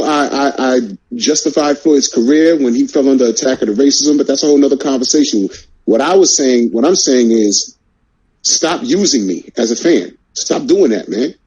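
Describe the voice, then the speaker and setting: A man's voice: mid-range voice, warm tone, slightly rough, low-quality recording. A man hosting a boxing talk show, fired up, repeating his words and firing off rhetorical questions.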